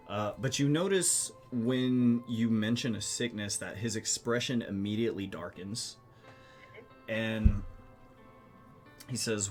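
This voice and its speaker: A man's voice: on the low side, slow pace, a little mellow, soft background music. Easygoing man running a tabletop game. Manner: casual, laughs easily. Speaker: game master.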